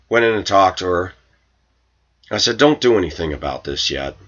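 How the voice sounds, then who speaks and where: A low-pitched, animated man speaks at a moderate pace in a fairly bright tone, though the audio is dull. In a personal rant to camera for his viewers, he tells an aggrieved story about a coworker, quoting her and himself indignantly and raising his voice.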